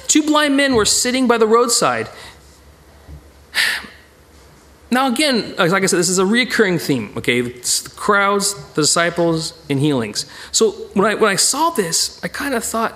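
Brief: high, lively male Bible teacher, theatrical, repeats himself. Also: moderate pace. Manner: animated, acts out quoted voices, stammers and repeats words.

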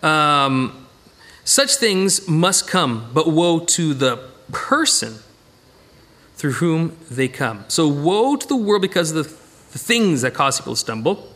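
A middle-aged man teaching a Bible study with slides, animated, often repeating phrases and correcting himself mid-sentence. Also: fairly high pitch, slow.

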